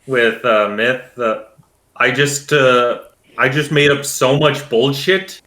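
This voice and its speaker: A man's voice: mid-range voice, takes it slowly, sharp tone. A man player chatting casually during a tabletop game break, joking and chuckling, with stumbling restarts.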